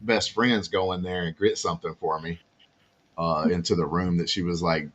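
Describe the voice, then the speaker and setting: A man's voice: low-pitched, steady tone, normal speed, fairly bright tone, muffled recording. A man chatting casually as a guest on a talk show, rambling along with lots of "uh" fillers. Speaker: guest, newlywed groom. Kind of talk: casual chat.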